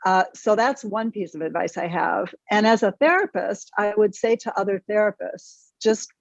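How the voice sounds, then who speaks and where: A woman's voice: mid-range voice, moderate pace, creaky, dry recording, highs cut off. A woman therapist speaking as a guest on a podcast, talking frankly and energetically with some mild swearing. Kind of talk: podcast interview.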